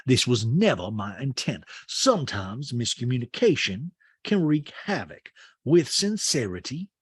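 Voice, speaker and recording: A man doing an impression of a prim, measured woman who speaks in a low, formal, clipped way. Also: husky, no room sound, clean studio sound.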